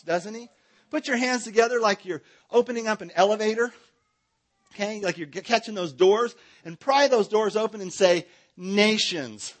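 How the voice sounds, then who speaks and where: High-voiced playful man teaching a Bible seminar. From Southern California. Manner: playful, jokey, coaxes the audience to join in. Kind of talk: lively live Bible seminar with audience participation.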